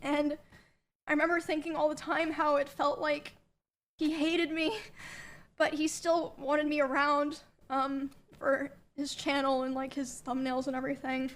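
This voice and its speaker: High, even-toned young woman recounting. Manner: soft, hesitant, many pauses and ums. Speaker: streamer telling her story. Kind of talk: personal confessional narration.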